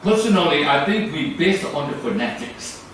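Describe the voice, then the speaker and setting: A man's voice: on the high side, very animated, moderate pace, a bit bright. A man from Thailand with a Thai accent, giving a rambling club speech full of fillers and restarts. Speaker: club speaker. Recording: very echoey room from far off, faint noise.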